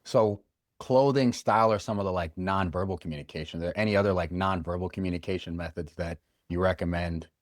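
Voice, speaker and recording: A man's voice: low-pitched, fast talker, dry recording, studio quality. A man hosting a podcast, talking casually and eagerly, thinking aloud as he sums up his guest's points. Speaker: podcast host.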